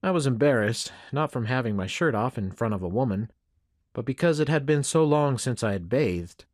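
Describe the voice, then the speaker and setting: A man narrating a first-person western audiobook in a steady, measured way. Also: medium pitch, no room sound, studio quality.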